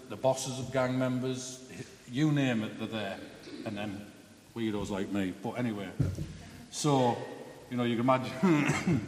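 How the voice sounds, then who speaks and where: A man's voice: medium pitch, long reverb tail. A man giving a personal testimony in a chatty, blunt, self-mocking storytelling way.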